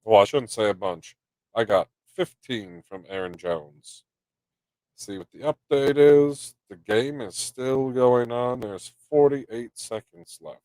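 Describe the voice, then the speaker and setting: A man's voice: medium pitch, slow pace, dark tone, no room sound. A stuffed-up man hosting a late-night live stream, rambling loosely and swearing between thoughts. His voice sits in a middle register, recorded dry and close on a desktop mic with no room sound. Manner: rambling, swearing, reading chat aloud. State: stuffed-up nose. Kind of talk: casual live stream chat.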